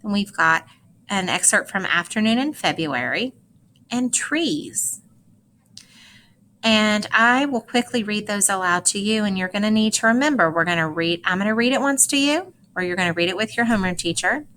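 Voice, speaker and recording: A woman teacher gives a recorded lesson, reading short poems aloud slowly and carefully and telling students how to practice them. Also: medium pitch, a bit bright, a little hiss or hum. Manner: slow, careful, instructive read-aloud with clear phrasing.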